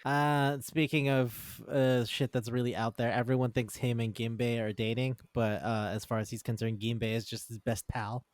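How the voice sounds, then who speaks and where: A man co-hosting a casual chat about manga, excitable and swearing freely as he acts out characters' lines. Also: mid-range voice, moderate pace, hardly any pauses, dry recording. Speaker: podcast co-host.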